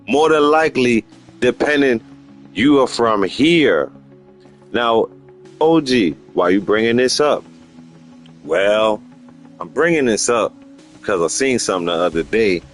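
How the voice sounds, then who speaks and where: A middle-aged man hosting a gaming livestream in casual street slang. He rambles and repeats himself for emphasis, jumping into high-pitched voices when he quotes people. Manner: rambling and opinionated, slips into animated high-pitched quoting of others.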